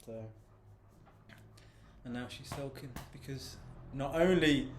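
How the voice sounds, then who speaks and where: A man's voice: mid-range voice, slow pace, long pauses, roomy sound, faint music behind. A man rambling in a casual, sweary monologue from his home office, laughing often. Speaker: author and podcast host.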